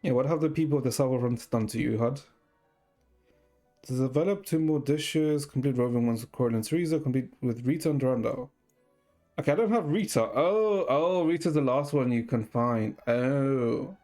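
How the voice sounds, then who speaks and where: Chatty male streamer over quiet music. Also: mid-range voice, moderate pace. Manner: chatty, reacts to chat while playing. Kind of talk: casual gaming stream chat.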